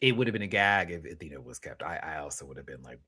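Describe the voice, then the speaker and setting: A man giving a casual, sassy review of a reality show, swinging from loud outbursts to hushed asides and laughing often. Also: extremely low pitch, expressive, fast talker, breathy edge. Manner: laughs often while talking. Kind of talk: casual reaction commentary.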